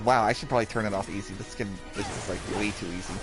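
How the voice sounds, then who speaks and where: A man's voice: lowish voice, rapid-fire, music in the background. A man streaming a story game, making offhand, self-mocking asides. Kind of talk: casual game commentary.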